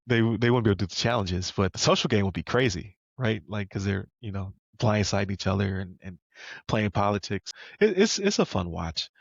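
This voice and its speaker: Gravelly low-voiced man, easygoing. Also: animated, brisk, no room sound, highs cut off. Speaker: podcast co-host. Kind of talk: casual podcast chat.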